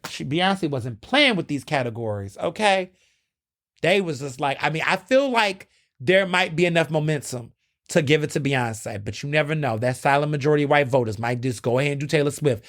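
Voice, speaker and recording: A young man hosting his own podcast, chatting casually and dramatically, with sudden jumps up in pitch. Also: lively intonation, brisk, fairly bright tone. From United States. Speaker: podcast host. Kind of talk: casual solo commentary.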